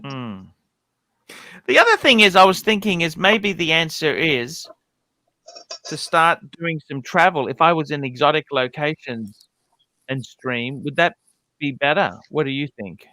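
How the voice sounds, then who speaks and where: A man hosting a casual livestream in a chatty, question-asking way, with an occasional curse thrown in. His voice is bright and pitched a little above most men's, and the sound is dry and close. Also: animated, measured pace, no echo. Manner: chatty, asks guests questions, swears freely. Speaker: livestream host.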